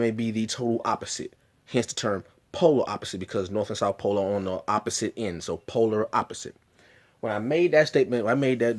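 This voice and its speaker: Male vlogger, mid-range voice, earnest and emphatic storytelling with repeated restarts. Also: medium pitch. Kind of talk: personal storytelling.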